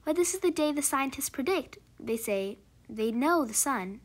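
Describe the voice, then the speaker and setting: A woman reading a story voices a quiet, wistful young girl who is shunned by the other children. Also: sits high, animated, moderate pace, voice pushed up. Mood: pleading. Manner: soft, pleading, dreamy.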